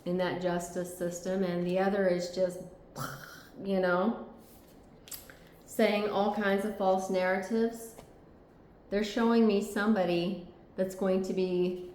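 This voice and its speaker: A woman's voice: mid-range voice, flat delivery, slow pace, pauses often, darkish tone, a little hiss or hum. A woman giving a tarot reading, talking earnestly and reassuringly and often checking in with "okay?". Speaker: tarot reader. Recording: echoey room.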